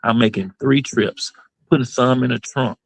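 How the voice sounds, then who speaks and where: A man's voice: medium pitch, steady tone, normal speed, creaky, dry recording, poor audio. A man, a basketball club owner and coach telling his story in an interview, earnest and emotional, going over points again and again.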